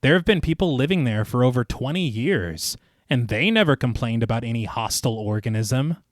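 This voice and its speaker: A man's voice: expressive, a little fast, dry recording, clean studio sound. A man co-hosting a podcast, narrating a scripted film recap with a dramatic storytelling manner and casual asides. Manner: dramatic storytelling, reads movie quotes in a lowered voice, laughs at his own jokes. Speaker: podcast co-host.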